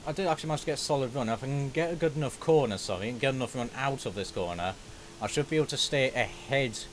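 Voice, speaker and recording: A young man giving excitable, fast-moving play-by-play of his own racing game, swearing when things go wrong. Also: fairly high pitch, a little hiss or hum. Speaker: gaming YouTuber. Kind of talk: live racing game commentary.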